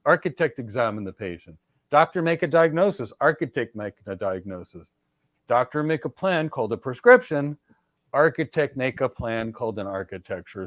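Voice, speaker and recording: A middle-aged man hosts a career show and hands out advice with punchy emphasis, repeating key points and addressing listeners by name. His voice sits at an ordinary pitch. The sound is dry and close, with no room echo. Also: fairly bright tone. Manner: emphatic, repetitive, lecturing with direct address. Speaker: podcast host and cloud architecture mentor. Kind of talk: energetic advice talk.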